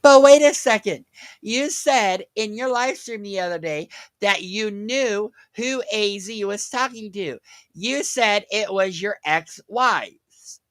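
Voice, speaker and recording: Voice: mid-range voice, slow, fairly bright tone. A reaction commentator with a sarcastic, mocking way of talking.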